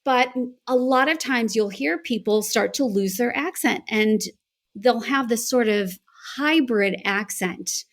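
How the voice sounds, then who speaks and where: American woman, animated voice coach. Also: a little high, a little slow. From United States. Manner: animated, reflective storytelling. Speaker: voice and accent coach, guest. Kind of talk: conversational interview answer.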